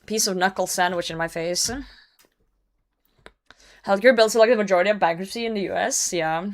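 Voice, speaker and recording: A woman's voice: medium pitch, fairly quick. Woman streamer chatting with her chat. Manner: reads chat messages aloud and answers them, laughs often. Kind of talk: casual gaming livestream chat.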